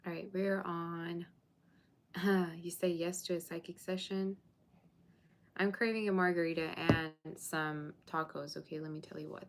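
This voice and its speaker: A woman with a lowish voice gives a live tarot reading and chats casually with her viewers in between. She is reassuring and answers their comments as she goes. A faint hiss sits under her voice. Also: fairly even intonation, a little slow. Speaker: tarot reader. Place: borrowed room, indoors.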